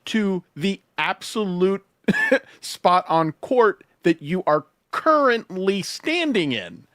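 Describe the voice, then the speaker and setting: A man guest explaining legal points in casual commentary, animated and profane, often laughing. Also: sits high, slow pace, no echo, studio quality.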